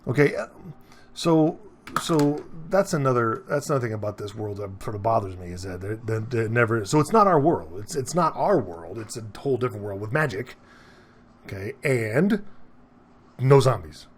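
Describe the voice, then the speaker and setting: A man of ordinary pitch rambles through a casual monologue aimed at his viewers. He restarts his sentences, keeps tossing in "okay?", and his voice jumps higher whenever he gets excited. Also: moderate pace. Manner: rambling, repeats himself, keeps asking "okay?"; animated, pitch jumps up when he gets worked up. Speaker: vlogger. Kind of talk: casual opinion monologue to camera.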